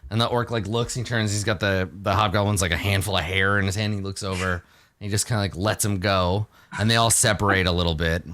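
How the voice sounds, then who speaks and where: A man running a tabletop game as game master, animated and jokey with many fillers. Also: low-pitched, quick pace.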